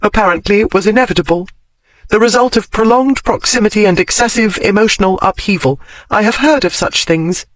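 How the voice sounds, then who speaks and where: Indignant young woman, prim and over-formal, pitched up; a man doing the voice. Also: fairly quick, fairly bright tone, no room sound. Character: proud indignant young Englishwoman, flustered.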